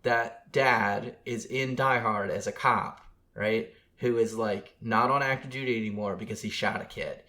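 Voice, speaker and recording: A man's voice: on the low side, steady tone, unhurried, sharp tone. A man co-hosting a podcast in casual chat, enthusiastic and rambling, often restarting his sentences. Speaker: podcast co-host.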